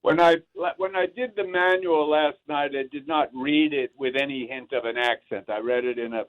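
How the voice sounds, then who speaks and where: A man who is an actor, speaking as an interview guest in a thoughtful, halting way. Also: fairly high pitch, fairly even intonation. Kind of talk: reflective interview talk. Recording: tinny phone-like line.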